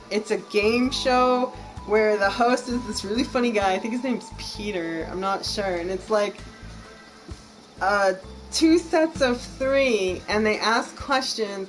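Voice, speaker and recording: A woman's voice: on the high side, rough recording. Chatty American woman streaming a game. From United States. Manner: chatty, gushing, laughs easily. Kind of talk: casual let's-play chat.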